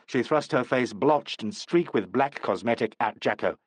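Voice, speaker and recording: A man narrating an audiobook in a measured, expressive reading. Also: mid-range voice, husky, dry recording. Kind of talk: scripted narration.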